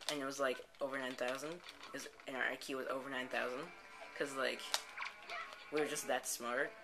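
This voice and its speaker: A man's voice: medium pitch, low-quality recording. A man, the host of a gameplay channel, improvising a rambling story full of "and then, like" restarts. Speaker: let's play host. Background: background music.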